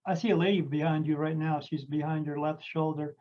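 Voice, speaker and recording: A man's voice: on the high side, steady tone, brisk. A man hosting a podcast as a medium, telling stories in a rambling, casual way with many fillers and restarts. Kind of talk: casual storytelling chat. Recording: dull lo-fi audio.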